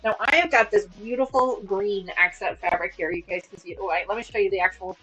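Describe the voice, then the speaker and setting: A woman's voice: medium pitch, quick pace, bright, forceful tone, husky, rough recording. A woman in her thirties hosting a casual sewing livestream from home, chatty and upbeat as she explains her work. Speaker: livestream host.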